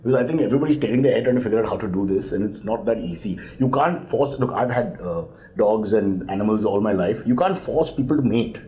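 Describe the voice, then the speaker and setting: A middle-aged man, a comedian guest answering questions with quick deadpan wisecracks and mock exasperation. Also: lowish voice. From India. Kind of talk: joking live interview banter.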